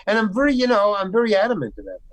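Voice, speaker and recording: Older american guy, kinda high voice, rambly, keeps restarting sentences, dry close sound. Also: huge pitch swings, rapid-fire, dry recording, rough recording. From United States. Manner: emphatic, rambling with many restarts. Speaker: guest actor. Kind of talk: casual storytelling interview. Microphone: video call.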